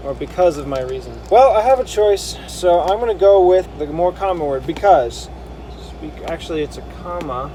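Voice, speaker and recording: A man's voice: on the high side, animated, moderate pace, noisy background. A man thinking aloud as he combines Bible verses, reading passages and correcting himself as he goes. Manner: musing, self-correcting, reads verses aloud. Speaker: bible harmony editor. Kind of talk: thinking aloud while editing scripture.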